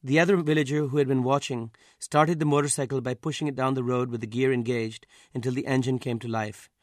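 A man, the author, reading his own literary story aloud in a measured, even way. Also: mid-range voice, no echo, studio quality.

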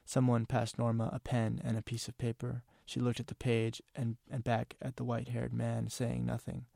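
A man, an author, reading from his novel in a measured, somber way. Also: mid-range voice, monotone, vocal fry, dark tone, dry recording, studio quality. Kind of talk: literary reading.

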